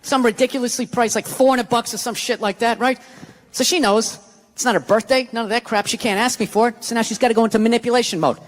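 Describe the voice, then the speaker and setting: A man's voice: extremely high pitch, fairly even intonation, fast talker. A middle-aged man doing stand-up, telling a story in an exasperated, profane rant full of "right?" asides. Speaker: stand-up comedian. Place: comedy stage before a live audience. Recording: live stage with hall reverb. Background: audience laughter.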